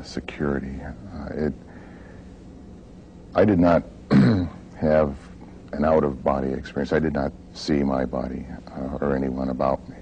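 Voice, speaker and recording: A man recounting a near-death experience in a halting way, with frequent hesitations. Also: extremely low pitch, dark tone, highs cut off, a little hiss or hum. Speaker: interviewee.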